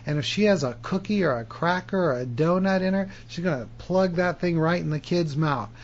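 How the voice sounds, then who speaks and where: A man with a slightly raised voice talks straight to camera as a self-help author. His telling is animated and emphatic. The sound is dull and lo-fi. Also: fairly high pitch, brisk. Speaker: author and hypnotherapy teacher. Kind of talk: self-help video monologue.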